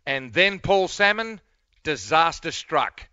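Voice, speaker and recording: An older Australian radio host reads out a guest's career with showy broadcaster patter. His voice is bright and crisp, dry in the studio and a touch dull in tone. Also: on the high side, very animated, takes it slowly, dry recording. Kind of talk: radio sports interview.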